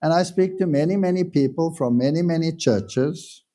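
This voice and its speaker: A pastor giving a sermon in a casual, conversational way, telling stories with self-deprecating humor. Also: male voice, a little high, normal speed, mellow. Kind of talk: anecdotal sermon talk.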